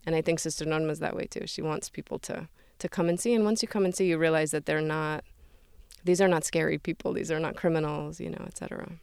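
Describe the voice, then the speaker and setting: A woman's voice: low-pitched, fairly even intonation, fast, creaky, a little mellow, smooth, no room sound, studio quality. A woman speaking earnestly as an interview guest, talking freely with fillers like "like" and "right?". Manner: earnest, fluent, many fillers like 'like' and 'right?'. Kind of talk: conversational interview.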